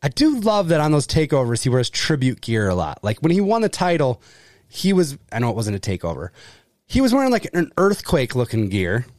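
男声，播客里随口聊天. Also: male voice, mid-range voice, a little fast, dry recording, clean studio sound. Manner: animated, swears freely, frequent fillers. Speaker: podcast co-host. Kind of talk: casual chat.

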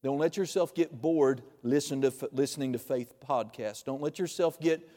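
A man preaching a sermon in a church, conversational and joking, with sudden loud bursts. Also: mid-range voice, moderate pace. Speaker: pastor. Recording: long reverb of a large hall.

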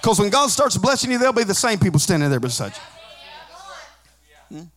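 Man, pastor, sermon, high voice, humorous asides, climbs to sing-song shouting. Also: big pitch swings, brisk, a faint crowd. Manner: builds to shouting, sing-song preaching cadence.

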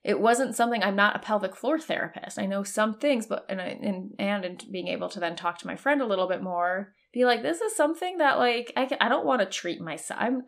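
Woman in her thirties, podcast host type, loose and candid, some vocal fry, mid pitch. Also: fairly bright tone. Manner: chatty, frequent "like" fillers, candid with swearing and laughs. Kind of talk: casual personal storytelling.

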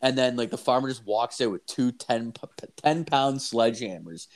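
A man's voice: medium pitch, normal speed. Profane, rambling young man telling stories. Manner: profane, rambling, animated storyteller. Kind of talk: casual storytelling chat.

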